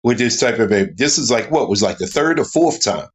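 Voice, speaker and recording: Male panelist in a casual debate; mid-pitched, halting speech full of fillers. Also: expressive. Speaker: panel guest.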